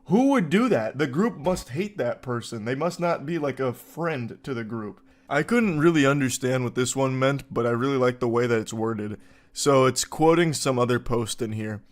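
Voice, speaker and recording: A man's voice: medium pitch, expressive, moderate pace. A young man giving casual commentary as he reads online posts aloud, with wry, incredulous and mocking asides.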